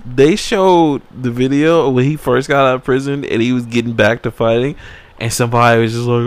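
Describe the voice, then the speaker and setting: A man co-hosting a podcast in casual chat, excitable and swinging from low mutters to high yelps. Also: normal speed. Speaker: podcast co-host.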